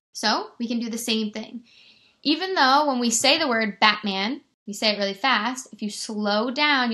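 A woman teacher giving a remote lesson to young children, stretching words out slowly and encouraging them. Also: on the high side, pushed and bright. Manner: slow, exaggerated word-stretching, encouraging.

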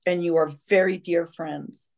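A woman chats as an interview guest and tells anecdotes with lots of energy, sometimes dropping into character voices. Her voice sits a little on the low side for a woman. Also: a little slow, creaky. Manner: animated storyteller, slips into voices. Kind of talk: casual chat.

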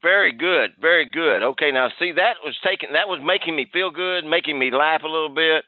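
A man's voice: on the high side, brisk, no echo. A man coaching salespeople on a video call in a folksy way, often repeating "okay". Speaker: sales trainer. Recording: dry, tinny phone-like line.

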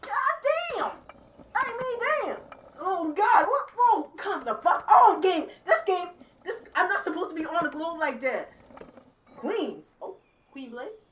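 A woman streamer reacting loudly to a VR game, cursing and half laughing, half crying. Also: extremely high pitch, lively intonation, a little slow, distant mic. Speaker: gaming streamer.

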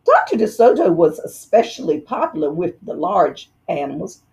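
A woman reading a children's picture book aloud, in a slow, expressive way. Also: fairly low pitch, lo-fi sound. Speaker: storyteller.

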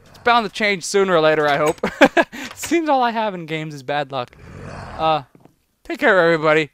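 A let's-play gamer giving excited gameplay commentary, yelping in panic, swearing and pleading with the creatures that attack. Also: medium pitch, clear, resonant tone, no room sound. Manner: panicky, yelps and swears at enemies; talks to the creatures in the game.

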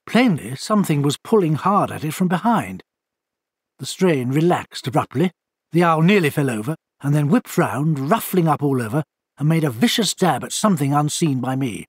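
A man narrates a storybook with lively, rising and falling pitch. His voice is a touch husky and sits somewhat high for a man. The recording is dry and close. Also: normal speed, no room sound. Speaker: audiobook narrator.

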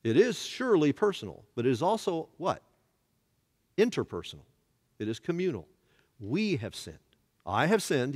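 Animated pastor in a reverberant church. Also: male voice, on the high side. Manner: animated, asks the room questions. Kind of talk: Bible study teaching.

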